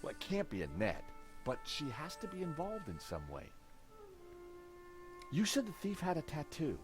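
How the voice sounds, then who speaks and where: A man's voice: fairly high pitch, huge pitch swings, normal speed, music in the background. An actor voicing a confident, wry adult male investigator in a video game.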